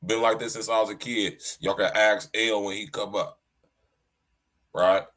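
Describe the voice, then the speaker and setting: A man hosting his own podcast, talking loud and casual in a slangy style, coughing now and then and saying "man" at the end of nearly every line. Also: fairly low pitch, level tone, unhurried. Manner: loud, slangy, repeats "man" and "you know what I'm saying". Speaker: podcast host.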